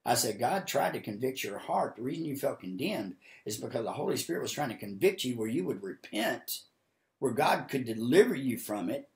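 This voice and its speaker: A man preaching a sermon live from his home office, telling stories in a folksy way and rising to loud, high-pitched exhortation. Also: sing-song, moderate pace, roomy sound. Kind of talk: sermon with acted-out storytelling. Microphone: livestream camera mic.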